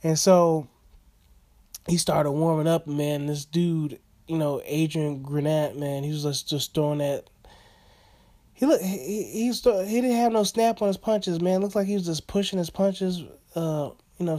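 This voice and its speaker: A man's voice: fairly high pitch, mellow. A man casually recapping a boxing fight in rambling, slangy talk full of fillers and chuckles.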